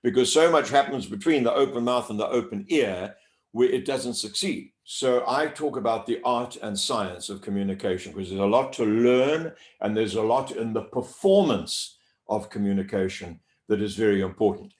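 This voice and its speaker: In an interview, a male voice coach with a lowish voice explains pronunciation. He speaks with a clear, deliberate teacher's delivery, stretching out sounds to demonstrate them, and the room is echoey.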